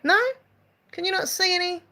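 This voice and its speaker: A woman's voice: very high-pitched, steady tone, moderate pace, vocal fry, bright, forceful tone. A woman hosting a casual live-stream chat, giggling often and reading out viewer comments. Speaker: channel host chatting with live viewers.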